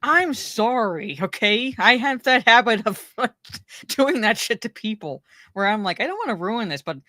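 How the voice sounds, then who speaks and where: A woman's voice: on the high side, lively intonation, moderate pace, pushed and bright, no room sound. A woman co-hosting a casual pop culture podcast, rambling, swearing and repeating herself as she talks. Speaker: podcast co-host.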